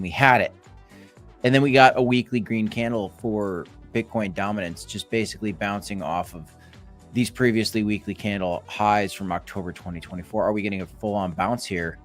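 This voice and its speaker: A man hosting a casual live stream of market commentary, chatty with playful asides and bursts of hype. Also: fairly low pitch. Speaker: crypto live stream host.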